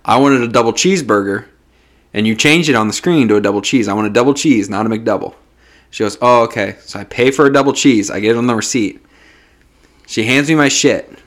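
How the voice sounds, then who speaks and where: A man's voice: medium pitch, a little fast. Profane man telling a story. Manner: profane, animated storytelling with bursts of laughter. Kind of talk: casual storytelling chat.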